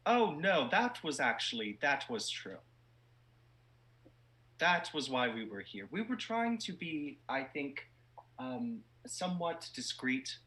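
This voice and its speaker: A man plays a courteous woman adventurer in a tabletop game, hesitant and formal. The tone is bright at a middle pitch. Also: full character voice.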